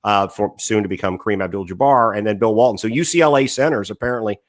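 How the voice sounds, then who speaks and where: A man co-hosting a casual sports podcast, telling long stories with many pauses and fillers. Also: on the low side. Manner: rambling storyteller, many "uh" fillers. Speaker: podcast co-host.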